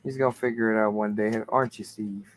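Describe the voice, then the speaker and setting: A man's voice: lowish voice, fairly even intonation, fast, a little hiss or hum, poor audio. A man with a Southern US accent, hosting a casual livestream chat with friends, joking and teasing. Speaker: livestream host.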